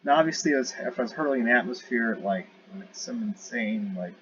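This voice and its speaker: A man's voice: medium pitch, expressive, fairly quick, fairly bright tone. Rambling man narrating gameplay, lo-fi. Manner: rambling, self-correcting, joking asides. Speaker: gamer showing a space game. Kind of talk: casual gameplay commentary. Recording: dull lo-fi audio with clear noise.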